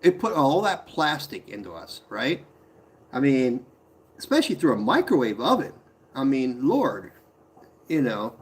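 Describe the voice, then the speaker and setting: In a sing-song, mid-range voice, a man chats on a live stream from his pottery studio at a measured pace, pausing often. He reads viewer comments aloud, calls viewers by name, and laughs often.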